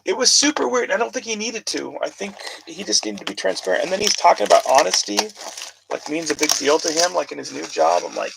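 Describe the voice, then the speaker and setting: A man's voice: high-pitched, animated, fast, vocal fry, very noisy. A man hosting a casual card break, calling out player names and rambling about football news with plenty of fillers. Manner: chatty, rambling sports talk with fillers.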